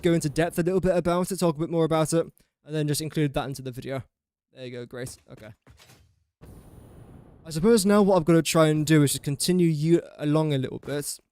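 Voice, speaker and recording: A young adult English gaming streamer narrates his live building-game session step by step in a relaxed, chatty way. His voice sits a little high with a darkish tone, and there's no room sound.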